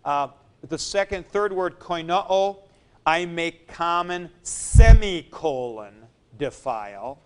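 A man teaching a class, explaining forms step by step with fillers and pauses as he moves around the room. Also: fairly high pitch, expressive, clean tone. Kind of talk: classroom lecture.

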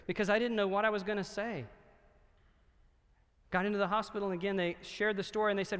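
A middle-aged male pastor telling a story in a sermon, earnest and growing hushed and solemn. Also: sits high, fairly even intonation, fast talker, long pauses. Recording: long reverb of a hall.

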